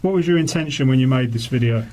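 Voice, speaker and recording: A man questioning a suspect in a police interview, calmly reading out exhibits. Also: mid-range voice, a little hiss or hum. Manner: measured, reads out exhibits.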